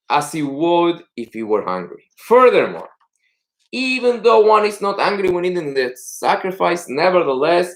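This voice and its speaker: A rabbi with a slightly high voice leads a text-study class. He tells stories with lively, swinging intonation and acts out the characters. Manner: animated storytelling, acts out characters.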